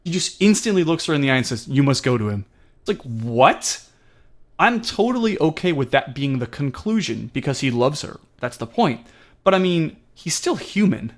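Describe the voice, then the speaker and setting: A young man co-hosts a casual movie review podcast. He rambles and laughs, slipping into quick voices. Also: on the high side. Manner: rambling, laughing, animated impressions. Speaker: podcast co-host.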